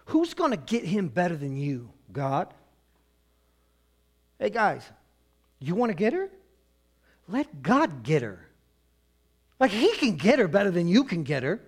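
A middle-aged male pastor preaching a sermon in a conversational way, with humor and quick acted-out asides. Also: a little high.

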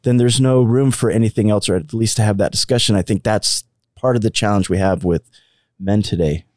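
A man's voice: lowish voice, fairly quick, darkish tone, dry recording, studio quality. A man co-hosting a casual podcast conversation, speaking earnestly and thoughtfully.

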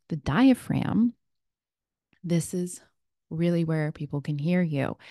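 A woman in her twenties or thirties, talking through a casual podcast episode on her own. Her voice sits on the low side and sounds dry and close to the mic. She rambles from point to point, tossing in asides and little "right?" checks. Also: warm tone, no echo. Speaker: podcast host. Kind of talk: casual solo podcast talk.

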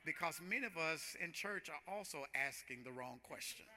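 High, bright preacher man in a reverberant hall. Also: lively intonation, moderate pace. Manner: preaching with rising, rhythmic intensity and repetitions. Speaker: pastor. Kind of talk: sermon.

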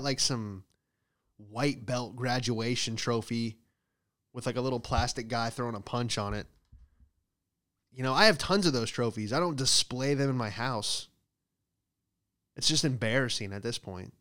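Profane man ranting in a smooth voice. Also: mid-range voice, moderate pace, pauses often. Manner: profane, animated storytelling with loud acted outbursts. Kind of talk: rambling comedic monologue.

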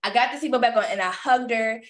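A woman and mother telling a story in a casual chat, animated, acting out quotes and laughing often. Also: a little high, fast talker. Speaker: podcast co-host and mother.

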